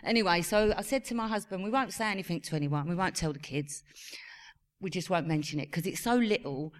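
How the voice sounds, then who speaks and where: A woman in her forties with an English accent telling a lively family story on stage, acting out the voices of her sons. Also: on the low side, a little fast. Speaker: actress on a reunion panel. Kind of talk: live stage Q&A anecdote. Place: cinema venue on stage.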